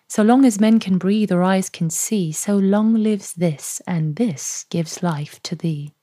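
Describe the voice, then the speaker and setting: A woman with a received pronunciation British accent, reading sonnets aloud in a measured, soft manner that lingers on lines. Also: mid-range voice, dry recording, clean studio sound. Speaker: podcast host. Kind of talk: poetry reading.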